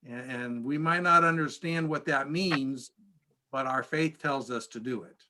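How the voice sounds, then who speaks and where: A man, a pastor, telling stories in a casual church class, chatty and halting with frequent restarts. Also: medium pitch, background noise. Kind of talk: casual storytelling lesson.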